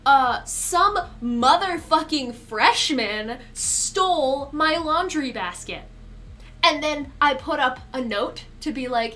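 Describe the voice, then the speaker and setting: Bright young woman chatting on stream. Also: high-pitched, lively intonation, slow pace. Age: young adult. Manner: swears a lot, chatty, laughs often, scolds her cat. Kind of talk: casual live-stream chat.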